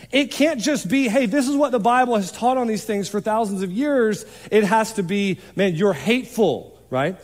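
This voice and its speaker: A man preaching a sermon as pastor, in a conversational, animated way with quick asides. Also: sits high. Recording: long hall reverb.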